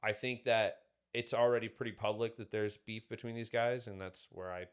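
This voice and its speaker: A man's voice: on the low side, level tone, moderate pace, clear, resonant tone. A man talking casually on a podcast, rambling through stories with lots of fillers. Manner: rambling, filler-heavy storytelling. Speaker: podcast guest.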